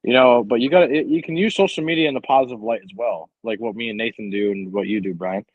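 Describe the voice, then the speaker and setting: A man's voice: mid-range voice, quick pace, no echo, phone-quality sound. A man co-hosting a podcast, talking loosely and profanely about positivity and good people. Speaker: podcast co-host. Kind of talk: casual podcast chat.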